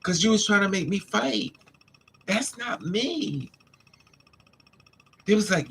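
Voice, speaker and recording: Man, livestream storytelling, gravelly, bright higher voice, emphatic and casual, faint noise behind. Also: sing-song, takes it slowly, long pauses. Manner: emphatic, street-casual, addresses listeners as honey and child. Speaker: livestream host. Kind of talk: candid personal storytelling.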